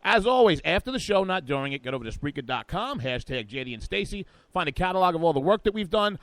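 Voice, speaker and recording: A man hosting a political talk radio show, brash and hyped, riffing fast between topics on a studio microphone. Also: on the high side, big pitch swings, fairly bright tone, dry recording.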